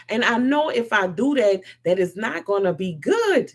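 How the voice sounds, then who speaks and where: A woman giving an impassioned spiritual monologue to a live audience, swinging from loud to soft. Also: medium pitch, big pitch swings, moderate pace, few pauses. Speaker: host.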